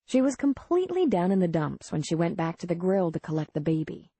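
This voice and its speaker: A woman narrating a romance audiobook in a measured, even way. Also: on the low side, slightly rough, no room sound. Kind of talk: scripted narration.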